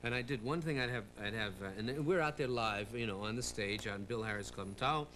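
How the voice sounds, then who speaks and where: A man from Long Island, a comedian guest telling lively stories on a talk show, laughing often and slipping into impressions. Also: medium pitch, fast. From Long Island, New York. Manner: lively storyteller, laughs a lot, slips into impressions. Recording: 1980s TV tape with hiss.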